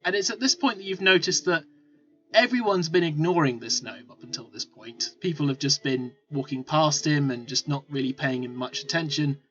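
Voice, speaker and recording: A man's voice: fairly high pitch, expressive, normal speed, fairly bright tone. A man narrating as game master, rambling with many fillers and restarts. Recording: lo-fi with faint music.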